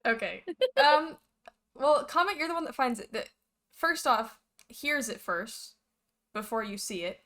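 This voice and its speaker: A woman narrating as game master of a tabletop game, lively and halting with fillers. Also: a little high.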